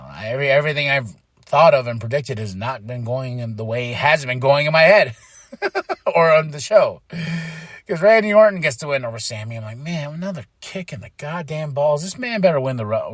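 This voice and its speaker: A man hosting a podcast, recapping a wrestling show in casual chat, exasperated and playing out people's reactions. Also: no room sound. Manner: animated, exasperated, mimics people with his voice jumping up high. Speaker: podcast host.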